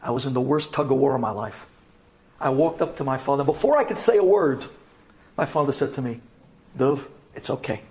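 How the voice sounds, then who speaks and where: Animated rabbi telling a personal story. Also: male voice, medium pitch, fairly quick. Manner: animated, dramatic, dropping to quiet for emphasis.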